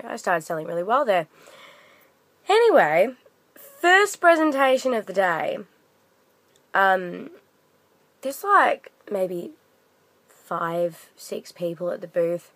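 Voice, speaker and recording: A woman's voice: fairly low pitch, fairly bright tone, no echo. A young woman vlogger telling a story in a casual, rambling rant full of fillers and restarts.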